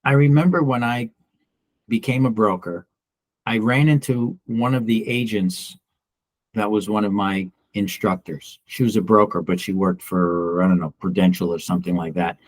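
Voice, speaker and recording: A middle-aged man, a real estate broker giving a casual office training talk in a blunt, animated way and acting out the people he quotes. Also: lowish voice, normal speed, dry recording.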